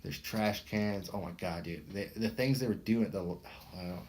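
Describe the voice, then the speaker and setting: A man hosting a casual podcast chat, excitable and rambling, who swears and keeps saying dude. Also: lowish voice, a little slow, slight background noise. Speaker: podcast host.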